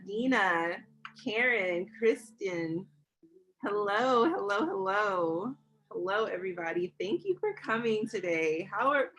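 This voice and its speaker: Woman, craft teacher, bubbly, excited, slow-paced, webcam call. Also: medium pitch, slight background noise, low-quality recording. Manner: excited, bubbly, laughing often. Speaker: craft class instructor. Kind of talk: live online class greeting.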